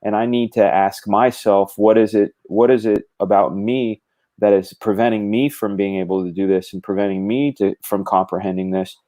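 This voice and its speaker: Man, low voice, mellow tone, animated casual talk, middle-aged. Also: normal speed. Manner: animated, explains with gestures and quoted thoughts. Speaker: comic book artist guest. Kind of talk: casual conversation.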